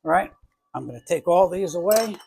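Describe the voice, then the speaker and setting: A man's voice: high voice, lively intonation, a little fast, gravelly, heavy background noise. A middle-aged man from New England with a New England accent, casually demonstrating a cake recipe in his home kitchen, rambling and correcting himself as he goes. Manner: rambling, self-correcting, chatty asides. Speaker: home baking channel host.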